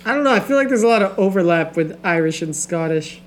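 A woman's voice: lowish voice, expressive, fast talker, slight background noise. A woman co-hosting a podcast in easygoing, casual banter, often giggling. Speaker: podcast co-host.

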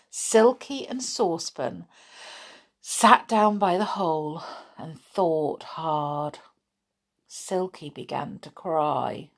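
A woman's voice: fairly low pitch, a little mellow. A woman reading a children's story aloud, chatting to young listeners in a sing-song way.

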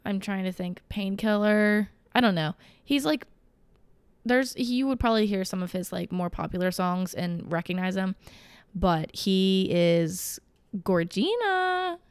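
A woman's voice: medium pitch, normal speed, clear, resonant tone, dry recording. A young woman vlogging in a casual, gushing way, rambling with fillers and self-corrections. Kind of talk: casual chat to camera.

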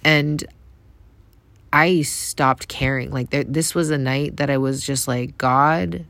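A woman from Canada telling a personal story in a reflective, soft-spoken way, full of "like" fillers. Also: very deep voice, steady tone, takes it slowly, no room sound.

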